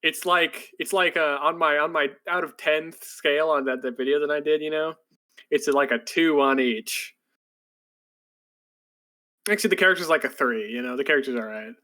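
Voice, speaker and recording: A man talks casually on a podcast, recapping what he has watched in a loose, meandering way with many fillers and restarts. His voice sits a little high for a man and sounds bright and forward. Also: normal speed. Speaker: podcast co-host. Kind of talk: casual chat recapping anime.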